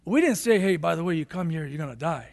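A man preaching a sermon as pastor, emphatic and repetitive, rising to excited bursts. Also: on the high side, fast, gravelly, in a large hall.

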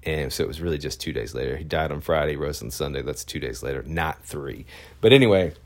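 A man's voice: extremely low pitch, fast. A man, a photojournalist, telling a story in a casual, rambling way, full of fillers and restarts.

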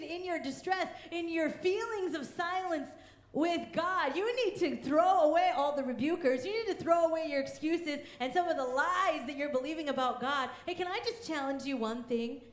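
A woman's voice: very high-pitched, normal speed, reverberant. A woman in her thirties preaching a sermon as pastor, emphatic and fervent, often raising her voice.

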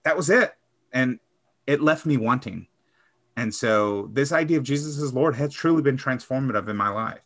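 A man reflecting on his faith in a casual conversation, often trailing off softly. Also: mid-range voice, normal speed.

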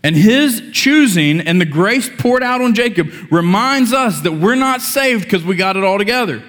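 A man's voice: sits high, expressive, moderate pace, fairly bright tone. A male pastor delivering a sermon in a conversational style, with joking asides to the congregation. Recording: long church-hall reverb.

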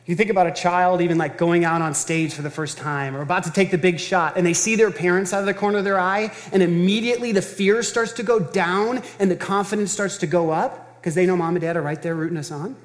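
A man's voice: high voice, fairly even intonation, quick pace, hardly any pauses, long reverb tail. A man preaching a sermon as pastor, earnest and emphatic, talking in a conversational way and repeating phrases for stress.

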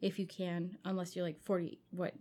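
A young woman talks casually as a podcast co-host, musing about a story with plenty of pauses and fillers. She speaks at an ordinary pitch and trails off as she works through her thoughts. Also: flat delivery, mellow. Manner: hesitant, with many restarts and fillers. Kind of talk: casual chat.

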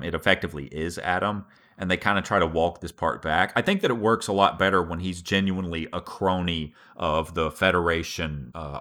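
A man co-hosting a casual podcast chat, animated and excitable, swearing freely. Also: low-pitched. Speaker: podcast co-host.

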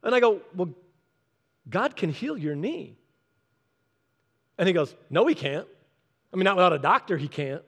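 A man preaching, telling a story in an animated way and acting out the quoted people in changed voices. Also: high-pitched, moderate pace, long pauses. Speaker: pastor. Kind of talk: storytelling sermon. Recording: long hall reverb.

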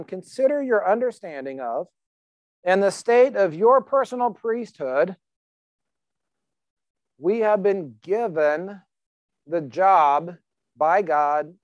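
Pastor, man, slightly high-pitched, talks to the flock plainly and emphatically, dry close recording. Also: dry recording. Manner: conversational, emphatic with rhetorical questions. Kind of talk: sermon.

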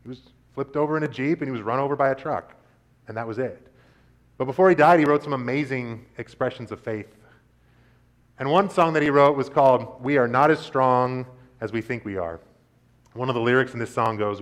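A man preaching a sermon in an earnest way, reading scripture aloud with rising intensity and letting phrases trail off softly. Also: medium pitch, a little fast. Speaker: pastor.

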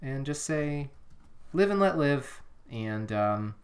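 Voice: medium pitch, very animated, takes it slowly. A podcast co-host in casual chat, rambling and earnest, often restarting sentences and sometimes drifting off the microphone. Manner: rambling, self-interrupting, earnest. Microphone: drifting off the microphone at times.

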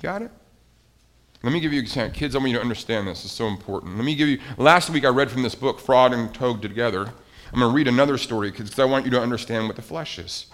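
A man's voice: medium pitch, quick pace, fairly bright tone. A man preaching as pastor in a children's sermon, coaxing the kids with questions and explanations.

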